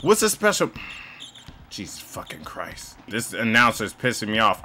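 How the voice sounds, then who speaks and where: A young man hosting casual gameplay commentary, excitable and swearing, often mocking himself. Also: lowish voice, moderate pace. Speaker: gaming channel host.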